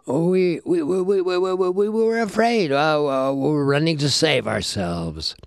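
Guy doing a village chief in a storybook, barks orders then stammers, slow and bouncy. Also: medium pitch, very animated, gravelly, clear, resonant tone, dry recording, studio quality. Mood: frightened. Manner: stammering in fear, commanding. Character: frightened village chieftain, male adult.

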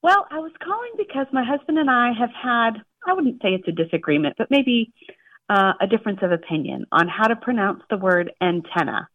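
A woman's voice: fairly high pitch, sing-song, a little fast, no echo. A woman from the Chicago suburbs, calling in to a radio show and explaining things in a chatty, friendly way. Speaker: caller. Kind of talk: phone-in chat. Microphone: telephone. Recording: tinny phone line.

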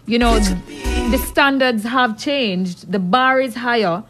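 A woman's voice: on the high side, slow, a bit bright, soft background music. A woman co-hosting a casual talk show, reasoning things through earnestly and laughing easily. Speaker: co-host. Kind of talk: casual chat.

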